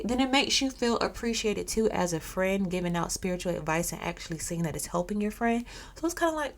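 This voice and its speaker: A woman's voice: medium pitch, a little fast. A woman telling a story in a casual, chatty way with personal asides.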